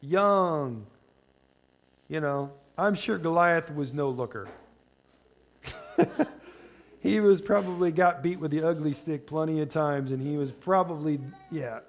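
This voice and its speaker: A man preaching a sermon in a conversational way. He asks the congregation questions and slows down when reading scripture. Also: on the high side, expressive. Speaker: pastor.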